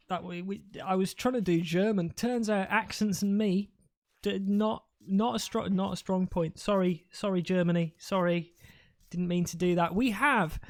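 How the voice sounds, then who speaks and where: A woman's voice: medium pitch, normal speed, darkish tone. A woman casting a live strategy game match in a loose, rambling way, swearing freely and laughing at her own jokes. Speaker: esports caster. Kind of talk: casual live game commentary.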